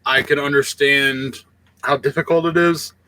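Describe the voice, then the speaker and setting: A man with a bright, forceful voice co-hosts a casual podcast. He tells his stories bluntly and swears freely. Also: mid-range voice, steady tone, a little slow, no echo. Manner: blunt, profane storyteller. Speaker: podcast co-host.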